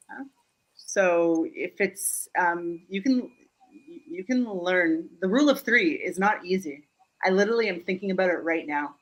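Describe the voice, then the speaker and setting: A woman from Germany, a speaking coach, talking in a live online interview in an animated, joking way, often checking in with "Yeah?". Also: on the low side, poor audio. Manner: animated, joking, quick asides. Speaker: guest speaker and humor coach. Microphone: video call.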